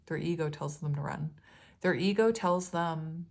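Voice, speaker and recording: A woman's voice: low-pitched, unhurried, vocal fry. A woman giving a casual tarot reading to her viewers. She talks in a loose, rambling way, corrects herself often, and keeps breaking into giggles. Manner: loose and rambling, many ums and self-corrections. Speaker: tarot reader.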